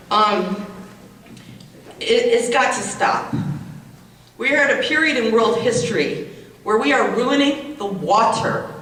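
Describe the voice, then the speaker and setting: Impassioned woman at a public hearing, booming hall reverb with faint noise behind. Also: a bit bright. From United States. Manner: indignant, repetitive, emotional. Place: large public meeting hall. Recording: echoey hall, distant mic, faint noise.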